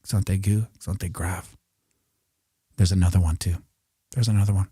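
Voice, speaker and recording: Low, mellow man rambling over charts. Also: steady tone, moderate pace, breathy edge, dry recording, studio quality. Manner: rambling, jokey, muttering asides while drawing on a chart. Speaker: crypto streamer. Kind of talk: casual live chart commentary.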